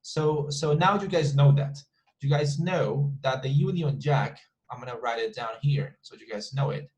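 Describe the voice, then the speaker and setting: A man's voice: mid-range voice, normal speed, darkish tone, poor audio. Man teaching an English class. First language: Spanish. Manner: repeats words to model pronunciation, many restarts. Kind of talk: online class explanation.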